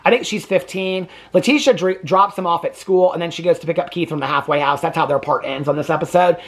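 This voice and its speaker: Fast and on the high side, a reality TV reaction host chats through episode recaps in a sassy, gossipy way, constantly checking in with viewers with "okay?". A camera on a tripod captures him.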